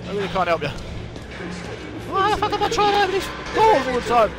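A man's voice: very high voice, huge pitch swings, fast, over loud music. A man commentating a horror game, swearing a lot, jumpy, and talking back to the characters on screen. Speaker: gamer.

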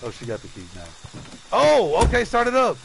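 A man commentating his own gameplay, loud and profane, taunting and laughing, with swings from low mutters to shouts. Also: huge pitch swings, moderate pace, creaky, a little hiss or hum, rough recording. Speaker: gamer streaming play.

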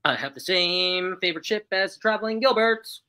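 Lively, bright-voiced woman hosting a stream. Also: fairly low pitch, fairly quick, low-quality recording. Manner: chatty, upbeat, laughs often while reading chat replies. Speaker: livestream host running a trivia game. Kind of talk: casual live-stream chat.

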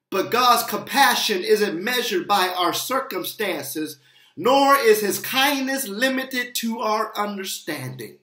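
Pastor, unhurried and emphatic sermon delivery, mid-range voice, roomy church echo. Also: mid-range voice, fairly bright tone. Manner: slow, emphatic preaching with repeated rising appeals.

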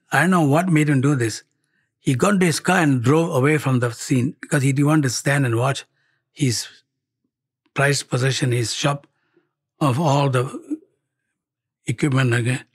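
A man with a Malaysian English accent telling a personal story to a gathering, halting and repeating words as he acts out the dialogue. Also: medium pitch, breathy edge. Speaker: speaker at a devotional gathering.

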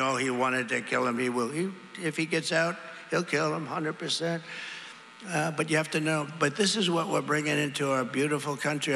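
Older man rambling at a rally, gravelly. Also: fairly high pitch, sharp tone. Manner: rambling, repetitive, ad-libbing to the crowd. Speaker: politician at a campaign rally. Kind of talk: campaign rally speech. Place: large arena rally. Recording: long reverb hall, crowd noise. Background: crowd and hum.

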